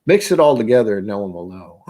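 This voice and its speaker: A man with a fairly low voice hosts a relaxed livestream. He talks casually and rambles, restarting sentences and poking fun at himself. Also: quick pace. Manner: rambling, self-deprecating, with frequent restarts. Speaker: host of a whisky livestream.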